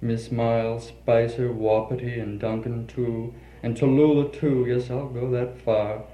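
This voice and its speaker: A man's voice: medium pitch, little pitch movement, measured pace, dark tone. A man giving a poetry reading in an intimate, confessional way. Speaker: poet reading his work. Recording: roomy reverberant recording with faint ambience.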